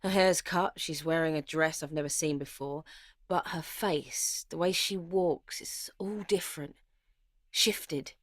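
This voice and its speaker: A woman's voice: low voice, a little slow, dry recording, studio quality. An actress playing a young woman playwright who narrates her life in an intense, confessional voice. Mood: weary. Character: young woman playwright, anxious, grieving and bitter. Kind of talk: dramatic first-person narration.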